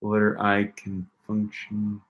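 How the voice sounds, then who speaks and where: A man's voice: on the low side, monotone, measured pace, muffled recording. A young man on a casual live-stream study session, thinking aloud and repeating pronunciations as he works through his notes. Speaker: language-learning streamer.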